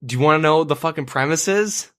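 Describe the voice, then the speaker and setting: A man's voice: on the high side, quick pace, a bit bright, clean tone, no room sound, studio quality. A man co-hosting a podcast, telling a story in casual banter, profane and rambling with lots of fillers. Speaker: podcast co-host.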